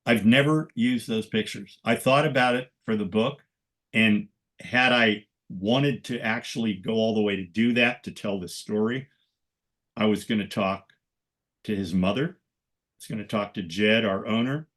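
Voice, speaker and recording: An older man with a lowish voice tells his stories with relish. He slips into the voices of the people he quotes as a guest in a relaxed conversation. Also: a little slow. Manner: animated storyteller who acts out quoted voices. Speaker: guest photographer. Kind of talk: conversational storytelling.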